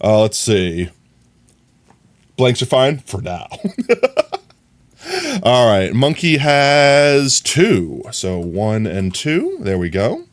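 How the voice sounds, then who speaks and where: A man livestreaming, chatting casually with his viewers in an animated, filler-heavy way. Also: on the low side, very slow, pauses often.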